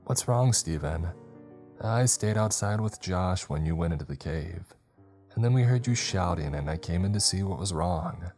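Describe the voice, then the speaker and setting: A man doing a gentle, hesitant young woman. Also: sits low, expressive, moderate pace, faint music behind. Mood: concerned. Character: young woman, kind and concerned. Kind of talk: storytelling voice for a character.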